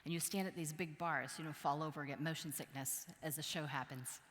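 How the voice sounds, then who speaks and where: Bright-voiced woman giving an animated keynote. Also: low-pitched, brisk. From Wisconsin. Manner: animated, playful, acts out voices and sounds. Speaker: keynote speaker. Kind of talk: motivational keynote storytelling. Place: large conference hall. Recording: long hall reverb.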